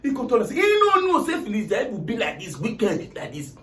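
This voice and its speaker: A man with a Nigerian Pidgin accent spins a comic tale and acts out every voice in it. His voice sits very high and jumps around a lot as he tells it. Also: a little fast. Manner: animated, dramatic retelling with acted-out quotes. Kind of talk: comic storytelling retelling a political tale.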